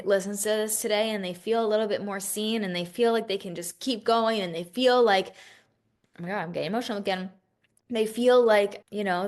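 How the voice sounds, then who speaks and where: A woman hosting a solo coaching podcast, talking candidly and emotionally, swearing freely and restarting her sentences. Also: medium pitch. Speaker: business coach and podcast host.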